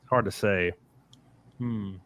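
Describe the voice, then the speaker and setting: A man hosting a podcast, chatting casually in an animated, crude, joking way. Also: fairly low pitch, slow pace, lo-fi sound. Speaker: podcast host.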